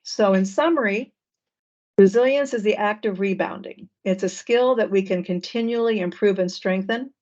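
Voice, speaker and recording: A woman presenting an online training session, relaxed and with frequent fillers, heard over a video call. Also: medium pitch, moderate pace. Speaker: workshop presenter. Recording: dull lo-fi call audio.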